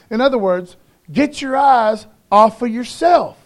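A man's voice: extremely high pitch, normal speed. A middle-aged male pastor preaching a sermon in a loose, conversational way, often tagging lines with "man" and "okay".

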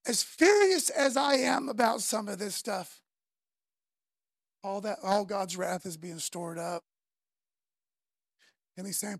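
A woman's voice: medium pitch, takes it slowly, vocal fry, long pauses, dry recording. A woman preacher delivering a fervent, conversational sermon full of casual slang.

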